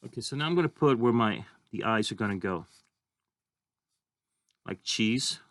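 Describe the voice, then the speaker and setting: A man's voice: on the low side, animated, moderate pace, background noise. A man teaching a drawing lesson, talking casually and thinking aloud as he draws. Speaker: art teacher.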